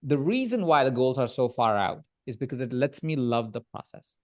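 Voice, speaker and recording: A man guesting on a podcast, telling animated stories about coaching and often checking in with a quick "right?". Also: mid-range voice. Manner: animated storyteller, frequent "right?" tag questions. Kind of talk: podcast interview conversation.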